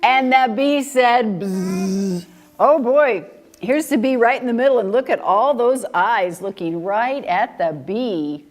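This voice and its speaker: A woman's voice: on the high side, measured pace. A woman reading picture books aloud to a group of young children, playful and sing-song, asking them questions and laughing often. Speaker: children's story time reader.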